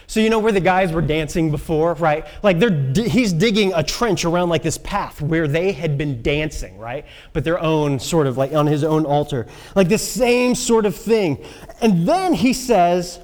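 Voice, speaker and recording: Male preacher, high lively voice, casual storytelling with fillers. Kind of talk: sermon.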